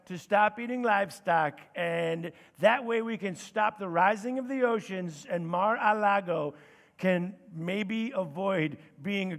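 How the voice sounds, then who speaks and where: A man doing an impression of a former president as a slow, loose surfer type, recorded with a long hall reverb. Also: high voice, fairly bright tone. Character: rambling male former president impression, laid-back surfer drawl. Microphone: belt mic.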